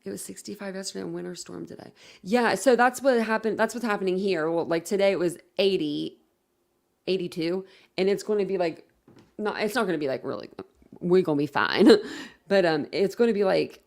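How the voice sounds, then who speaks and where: A woman hosting a casual livestream, chatting loosely with her viewers. She rambles, corrects herself and leans on fillers as she reads comments aloud. Her voice sits at a middling pitch with a gravelly, fry-heavy edge. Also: fairly quick, a little mellow. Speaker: livestream host. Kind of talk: casual live-stream chat, reading viewer comments.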